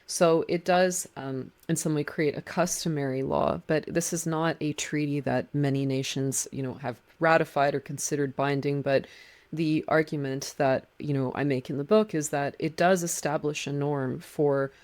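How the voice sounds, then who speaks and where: A woman author explaining a legal argument in a measured, precise way. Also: low-pitched, fairly even intonation, a little mellow. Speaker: guest, book author on marine law.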